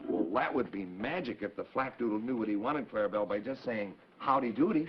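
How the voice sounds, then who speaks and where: On a dull, faintly hissing old broadcast recording, a fairly low-pitched man speaks quickly, his intonation lively and his pauses rare. He is the host of a live 1950s kids' TV program, bantering happily with the children watching in the studio.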